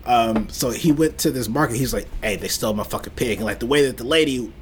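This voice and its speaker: A man's voice: mid-range voice, quick pace, slight background noise. A man in a casual podcast chat, stammering at times and acting out scenes as he retells them. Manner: animated, stammering, acts out quotes. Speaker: podcast co-host. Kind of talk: casual movie discussion.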